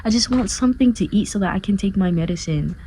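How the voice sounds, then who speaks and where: A woman's voice: medium pitch, fast, background noise. A young woman chatting casually to camera in a vlog, rambling with lots of fillers; English is not her first language. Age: young adult. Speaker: vlogger. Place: dorm room, sounding echoey.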